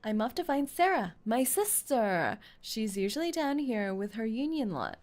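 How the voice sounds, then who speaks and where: A woman's voice: fairly high pitch, very animated, normal speed, darkish tone, voice pushed down. A woman voicing a cheeky young girl in a clumsy put-on British accent. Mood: timid.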